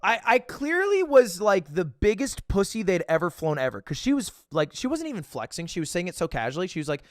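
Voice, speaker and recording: A young man livestreaming, casually telling a story to his chat, swinging between loud bursts and low asides and acting out the dialogue. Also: big pitch swings, quick pace, hardly any pauses, no room sound, clean studio sound. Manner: acts out quoted dialogue.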